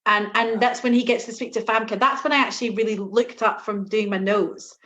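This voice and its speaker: Sarcastic woman reviewing a film. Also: mid-range voice. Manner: lively, sarcastic, quick to laugh. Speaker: movie review podcast co-host. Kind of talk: casual chat.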